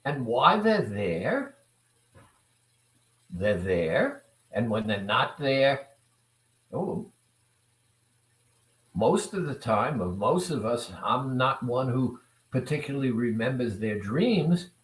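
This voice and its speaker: Slow, deliberate man in an echoey room. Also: mid-range voice, very animated. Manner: deliberate, repetitive, asks the audience rhetorical questions. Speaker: self-improvement speaker. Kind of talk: motivational talk to viewers. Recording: roomy echo.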